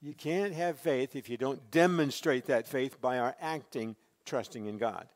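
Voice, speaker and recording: A man preaching a sermon as pastor, swelling loud and dropping soft as he tells a Bible story. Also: medium pitch, measured pace, long reverb tail.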